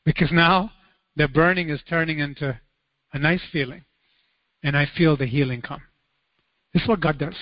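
A male pastor preaching a sermon, telling stories in an animated way and acting out the voices with sudden high cries. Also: normal speed, pauses often, no room sound, big-room sound, muffled recording.

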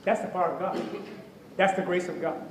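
A man's voice: high voice, a little fast, slight background noise. A man preaching a sermon with fervor, acting out prayers and the voices of others as he speaks. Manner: fervent, acts out prayers and voices. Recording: echoey hall with faint ambience.

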